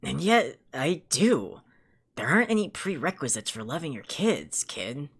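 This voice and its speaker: A woman voicing an older male dwarf cleric who is teasing and blunt, in a drawling, gruff low voice for a live fan fiction reading. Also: big pitch swings, unhurried, exaggerated voice. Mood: gentle.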